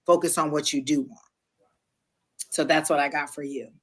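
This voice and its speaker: A woman doing a live psychic reading, animated and emotional, quickly sharing each impression she gets. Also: low-pitched, breathy edge. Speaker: tarot reader.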